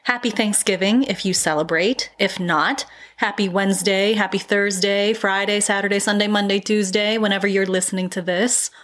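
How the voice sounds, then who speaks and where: A woman's voice: medium pitch, fairly even intonation, moderate pace, hardly any pauses, a bit bright. Woman, podcast host; casual solo chat, self-deprecating, laughs easily.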